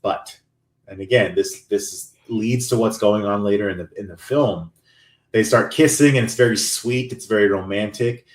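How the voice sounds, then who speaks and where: A man's voice: on the low side, moderate pace. A man in his thirties co-hosting a podcast, recapping a movie in casual chat and acting out the characters' lines as he tells it. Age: 30s. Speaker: podcast co-host. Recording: roomy echo.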